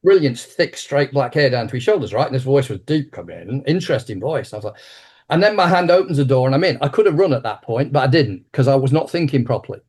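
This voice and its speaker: A man in his sixties, an interview guest and martial arts teacher, telling an anecdote with lively restarts. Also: medium pitch, fast, few pauses, slightly rough. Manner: animated anecdotal storyteller with frequent restarts. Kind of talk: conversational interview storytelling.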